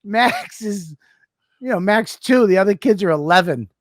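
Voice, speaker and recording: A man with a Boston accent telling a lively story in casual podcast chat, laughing as he goes. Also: high voice, moderate pace, dry recording, studio quality. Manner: animated, laughs while telling stories. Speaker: podcast co-host.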